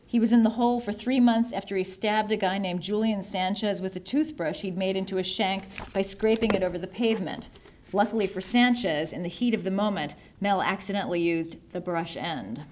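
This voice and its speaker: A woman's voice: medium pitch, a little fast, background noise. Wry woman narrating an audiobook. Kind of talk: first-person literary narration.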